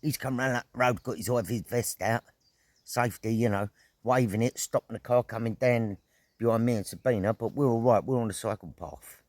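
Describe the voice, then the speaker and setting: A middle-aged man recounts a story to camera from an outdoor camp, talking in a loose, excitable way, swearing and throwing in sound effects. His voice sits at an ordinary pitch for a man. The sound is dry and close, with little sense of the space around him. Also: a little fast, dry recording. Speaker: outdoor vlogger.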